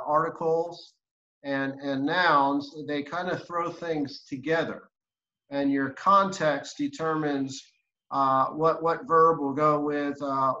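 A middle-aged man speaks slowly and haltingly, restarting his words, with a bright, forceful tone. His voice comes through a video call that sounds echoey and muffled. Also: a little high. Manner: hesitant, halting, repeats words. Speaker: guest reading Biblical Greek. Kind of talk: casual discussion.

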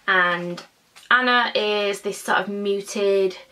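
A woman's voice: mid-range voice, sharp tone. Bubbly young woman chatting, a bit far from the mic. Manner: bubbly and chatty, with drawn-out exclamations. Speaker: beauty vlogger. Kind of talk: casual unboxing chat.

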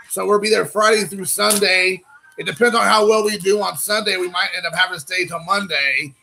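Excitable high gravelly man rambling. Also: rough recording. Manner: excitable, rambling, calls people dude. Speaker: host opening trading card packs. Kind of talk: casual live-stream chat.

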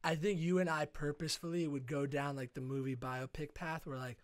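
Higher-voiced young man, dry close mic. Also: fairly even intonation, brisk, dry recording. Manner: rambling, joking, breaks into high falsetto singing. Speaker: podcast co-host. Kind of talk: casual chat.

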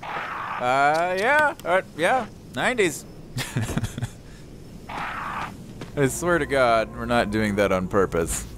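A man's voice: mid-range voice, big pitch swings, very slow, pauses often, background noise. A man doing comedic commentary over a video game, wisecracking and laughing often. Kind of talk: comedic let's-play riffing.

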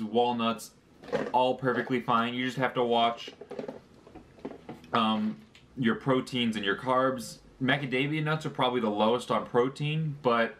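A man's voice: medium pitch, fairly bright tone, a little hiss or hum. A young man talking casually through a snack review, chatty and joking, with fillers as he lists details. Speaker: vlogger.

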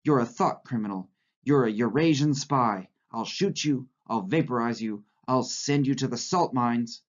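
A man reading aloud and voicing a vicious nine-year-old boy who yells accusations. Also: mid-range voice, moderate pace, dull audio, voice pushed up, lightly acted. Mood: savage yelling. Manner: yelling, accusing.

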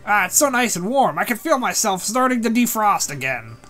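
A woman's voice: medium pitch, very animated, brisk, a bit bright, soft background music. A woman reading the lines of a chatty, fussy magic cap sidekick in a mock voice over a game. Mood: relieved.

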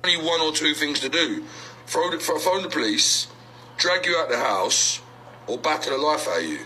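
Aggressive Londoner ranting on video. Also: male voice, on the high side, animated, normal speed, sharp tone, a little hiss or hum, rough recording. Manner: aggressive, threatening, slangy. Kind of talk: TikTok video rant.

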